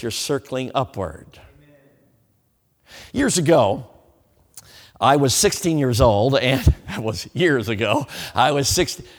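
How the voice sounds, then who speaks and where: Middle-aged preacher guy, lively swoopy voice, a bit high, lots of hall echo. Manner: animated storytelling, quizzing the congregation. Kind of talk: sermon. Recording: echoey hall reverb.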